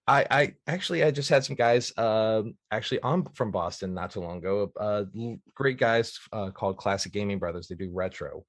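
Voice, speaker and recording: A man's voice: on the low side, brisk, few pauses, dry recording, clean studio sound. A man from Virginia hosting a podcast in casual interview chat, rambling and self-deprecating with lots of fillers. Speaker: podcast host.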